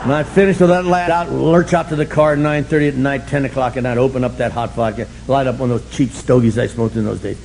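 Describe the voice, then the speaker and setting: An older man speaking at a recovery meeting, telling his story in an animated, self-mocking way and breaking into shouts for emphasis. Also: mid-range voice, fast, vocal fry, hardly any pauses, slight background noise, low-quality recording.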